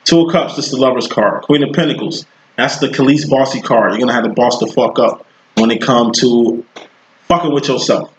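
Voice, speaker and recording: A man's voice: medium pitch, brisk, a little hiss or hum, low-quality recording. A man giving a casual tarot reading, talking in a profane, slangy, rambling way. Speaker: tarot reader.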